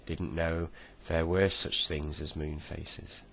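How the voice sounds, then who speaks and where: A man voicing a vain, friendly male rabbit who runs a garage, flattering and pleased with himself. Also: rumbling low, slow pace, vocal fry, husky, full character voice.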